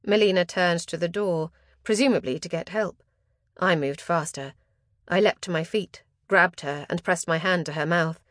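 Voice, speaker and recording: A woman narrates a first-person fantasy novel with dramatic, expressive storytelling. Her voice sits low, and the recording is dry and close, with no room sound. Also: moderate pace, no echo. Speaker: audiobook narrator.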